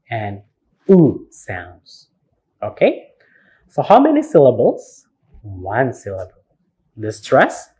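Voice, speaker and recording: A man with an Indonesian accent teaching phonetics in a recorded university lecture, slowly spelling out words and repeating them. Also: mid-range voice, dark tone, slightly rough. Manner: slow, spells words letter by letter, repeats words for practice.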